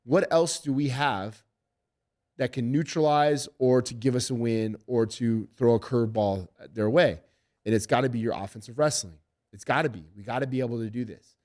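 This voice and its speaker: A man's voice: mid-range voice, normal speed. A middle-aged man, a fight coach, telling stories with heavy swearing in a casual podcast interview. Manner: animated, profane storytelling. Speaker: MMA head coach.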